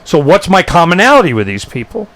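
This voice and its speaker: Animated, high-pitched talk show host. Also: male voice, fast talker. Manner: animated storyteller, blunt and emphatic. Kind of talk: live talk show rant.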